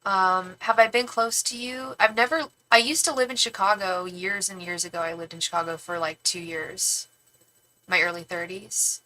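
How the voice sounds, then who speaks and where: A middle-aged woman with a Northern California accent, hosting a casual livestream tarot channel and chatting with viewers in an animated, slangy way full of "like.". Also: medium pitch, normal speed, a little hiss or hum, low-quality recording. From San Francisco Bay Area, California. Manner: animated and slangy, with frequent "like" and playful swearing. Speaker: tarot reader and livestream host. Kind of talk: casual livestream chat, reading viewer comments aloud.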